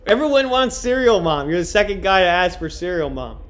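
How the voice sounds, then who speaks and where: Young male streamer, crude and rambling, reads a novel aloud; light, slightly high voice. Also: sing-song, a little fast, fairly bright tone. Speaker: streamer reading a book aloud. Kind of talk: casual livestream chat and reading aloud.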